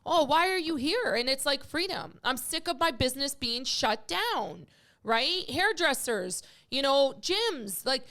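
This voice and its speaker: Sing-song and a little slow, her high voice comes across pushed and bright. She's a middle-aged podcast host in casual conversation, rambling emotionally with lots of fillers.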